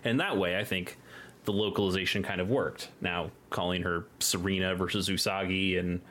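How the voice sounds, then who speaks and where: A man's voice: low voice, steady tone, normal speed, a bit bright. A man co-hosting a podcast, talking casually with lots of restarts and filler words. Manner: rambling, many restarts and fillers. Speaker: podcast co-host. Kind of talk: casual chat.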